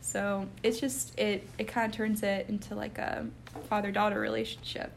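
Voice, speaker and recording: A woman's voice: mid-range voice, flat delivery, normal speed, creaky, background noise. A young woman sharing in a casual Bible study chat, earnest and full of fillers, getting tearful when moved. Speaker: Bible study group member.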